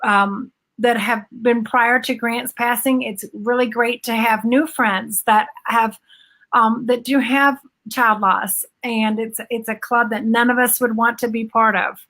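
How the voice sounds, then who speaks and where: Bright-voiced woman on a video call. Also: fairly high pitch, steady tone. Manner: reflective, with pauses and fillers. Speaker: guest, bereaved mother and blogger. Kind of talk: casual conversation.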